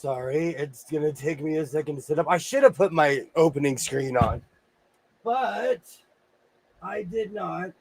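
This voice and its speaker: Male livestream host, unhurried delivery, gravelly fry, chatty and upbeat with viewers. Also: on the high side, animated. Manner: chatty, greets viewers with repeated cheery hellos. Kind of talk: casual livestream chat. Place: home sewing room.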